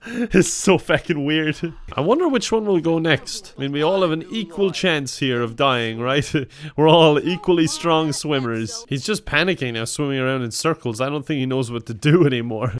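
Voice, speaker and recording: Young guy, giggly crude let's-play commentary, slightly high voice. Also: moderate pace. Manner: giggly, crude joking, frequent laughter. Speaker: gaming YouTuber.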